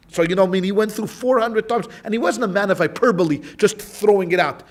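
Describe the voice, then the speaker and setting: Higher-voiced rabbi telling stories in class. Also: male voice, quick pace, few pauses. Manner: storytelling, repeats phrases, many restarts. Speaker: rabbi teaching Talmud class. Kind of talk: informal Talmud lesson.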